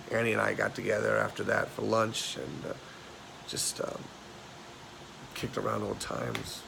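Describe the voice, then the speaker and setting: A man's voice: on the low side, little pitch movement, slow, creaky, long pauses, background noise, full character voice. An actor performing a film monologue as a neurotic, self-mocking man just turned forty, who rambles and stammers through repeated words. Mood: rueful.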